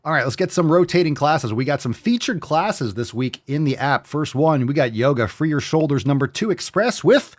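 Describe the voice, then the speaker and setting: A man's voice: fairly high pitch, expressive, moderate pace, few pauses. A man hosting a fitness show in casual livestream chat, brash and joking, swearing freely.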